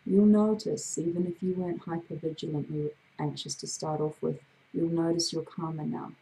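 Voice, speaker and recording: A woman hypnotherapist with a gravelly voice, leading a slow, soothing guided breathing exercise. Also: low voice, lively intonation, dark tone, poor audio. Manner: slow, soothing, drawn-out guidance.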